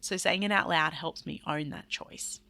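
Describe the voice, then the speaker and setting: A woman talks alone into the mic as a podcast host, in a low-pitched voice. Her tone is earnest and explanatory, loose and chatty, with a gravelly edge of vocal fry. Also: normal speed, sharp tone, dry recording. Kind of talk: solo podcast monologue.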